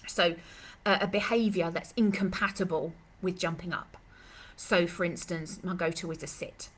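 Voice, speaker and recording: A woman's voice: fairly low pitch, fairly even intonation, moderate pace, a bit bright. Chatty woman dog trainer in a live Q&A. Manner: chatty, rambling, many fillers and restarts. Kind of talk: live Q&A session.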